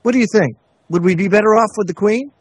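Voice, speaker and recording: A man co-hosting a casual online radio talk show, talking in halting bursts with many restarts. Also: high voice, breathy edge, dry recording. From United States. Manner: halting, many restarts, reads letters aloud. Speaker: co-host.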